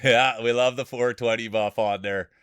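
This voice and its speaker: A man with a broad rural Saskatchewan Canadian accent calls a live-streamed marble race at an ordinary pitch. He hypes up each racer with playful announcer shout-outs. The sound is dry and close, with no room in it. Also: fairly even intonation, moderate pace, clear, resonant tone, no echo.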